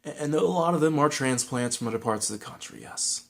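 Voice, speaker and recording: A man's voice: a little high, expressive, fairly quick, creaky. A man with a Southern California accent giving frank, rambling advice in a casual vlog, with many restarts and fillers.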